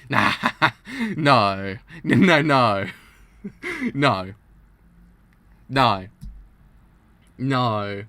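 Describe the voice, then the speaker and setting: A man's voice: medium pitch, sing-song, very slow, long pauses, bright, forceful tone, no room sound. A young man streaming a live reaction, talking with dramatic, exaggerated mock outrage and frequent laughter.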